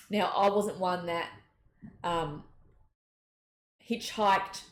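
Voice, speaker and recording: A middle-aged woman, a psychic giving an earnest, gentle spiritual talk and telling personal stories. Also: mid-range voice, slow, pauses often. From Australia. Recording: echoey room, faint noise.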